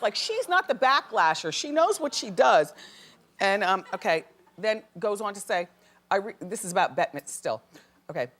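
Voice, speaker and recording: A woman talk show host giving an animated, opinionated gossip monologue to a studio audience. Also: medium pitch, normal speed.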